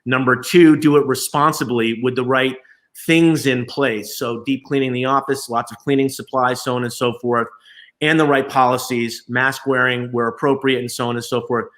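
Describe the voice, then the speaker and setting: Bright-voiced man, executive interview talk. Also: mid-range voice, steady tone, moderate pace. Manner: conversational, many fillers and restarts. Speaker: agency chief executive. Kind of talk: live remote interview.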